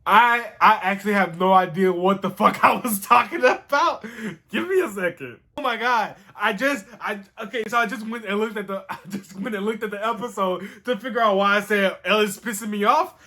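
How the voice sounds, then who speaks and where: A man with a notably high voice for his sex rambles through a casual recap. He sounds animated and excitable and swears freely as he talks. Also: moderate pace. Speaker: show host reviewing a TV series.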